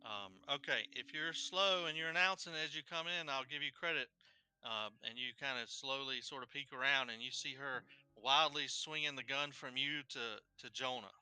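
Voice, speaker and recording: A man's voice: medium pitch, moderate pace, pushed and bright, clean tone. A man narrating a tabletop game as game master, describing scenes casually with many fillers.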